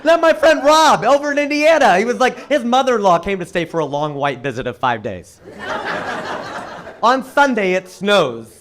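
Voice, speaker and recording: A man performing stand-up comedy with a voice that sits a little high for a man. He talks fast and lively and jumps sharply upward in pitch on his punchlines. A faint hiss of background noise runs under the set. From United States. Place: comedy venue with a live audience. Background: audience laughter.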